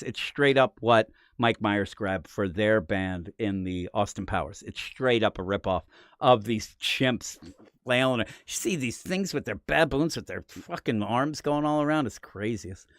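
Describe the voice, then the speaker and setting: Recorded with clean studio sound and no room sound, this American man co-hosts a comic-book podcast. The live-stream chat is casual and jokey, and he sometimes slips into silly high accent voices.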